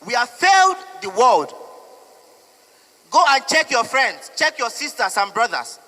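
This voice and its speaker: A man's voice: very high-pitched, sing-song, measured pace, sharp tone. A young Nigerian man with a Nigerian accent, speaking out in an emotional, pleading and defiant street interview. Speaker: protester. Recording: echoey hall with long reverb.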